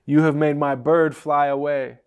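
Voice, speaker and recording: A man's voice: fairly high pitch, level tone, a little slow, a little mellow, clean tone. A man voicing a grieving merchant who laments his lost bird in a mournful, pleading recitation.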